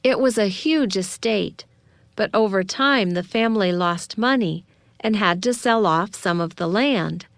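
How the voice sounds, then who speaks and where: A woman voicing an excited teenage girl spinning a theory, eager and conspiratorial, in a smooth, unhurried read. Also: mid-range voice, no room sound, clean studio sound, close to an everyday voice.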